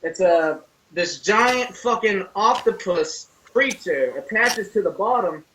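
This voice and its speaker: A man on a horror podcast telling childhood stories in casual chat, animated and full of profanity. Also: sits high, slow pace. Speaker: podcast co-host. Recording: distant mic with faint noise.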